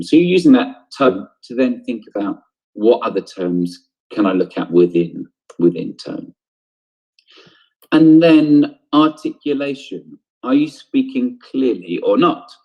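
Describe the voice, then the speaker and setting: A man's voice: lowish voice, warm tone, slightly rough, dull audio. A man teaching an online drama lesson, explaining ideas step by step, asking questions and then answering them, with frequent ums.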